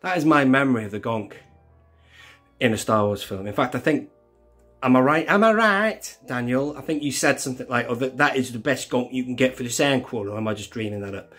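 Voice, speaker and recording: Husky-voiced man, chatty. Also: mid-range voice, fast talker, fairly bright tone, soft background music. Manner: chatty, rambling, self-correcting. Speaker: toy collector channel host. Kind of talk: casual hands-on toy tutorial.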